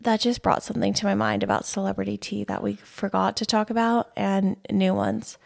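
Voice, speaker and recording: A woman's voice: medium pitch, level tone, fairly quick, creaky. A young woman in her twenties co-hosting a podcast, chatting casually about celebrity news with lots of fillers. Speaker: podcast co-host. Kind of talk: casual chat.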